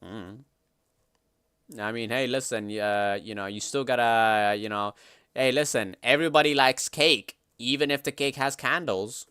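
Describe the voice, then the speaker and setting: Young male streamer, loud slangy reactions, mid-pitched, dry mic. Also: measured pace, clear, resonant tone, no echo. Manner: loud, slangy, excitable outbursts. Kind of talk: casual reaction commentary.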